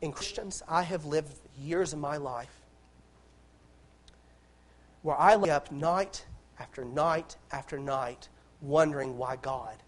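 A man preaching a sermon in an impassioned way, repeating phrases and restarting lines as he builds. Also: on the high side.

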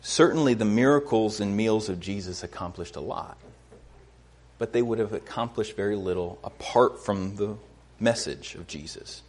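A man preaching a sermon in an earnest way, often repeating words as he starts a phrase and rising in pitch to stress a point. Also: moderate pace, a little mellow.

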